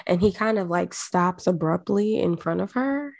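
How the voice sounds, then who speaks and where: A woman's voice: on the low side, animated, moderate pace, vocal fry, a little mellow, no echo, studio quality. A woman with a South Jersey accent, a podcast co-host telling stories in casual slang and laughing often. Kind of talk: casual chat.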